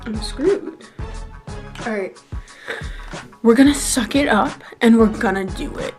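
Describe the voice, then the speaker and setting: A woman's voice: on the high side, slow pace, darkish tone, soft background music. A young woman vlogging casually to camera, rambling nervously and mocking herself. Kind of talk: casual vlog chat.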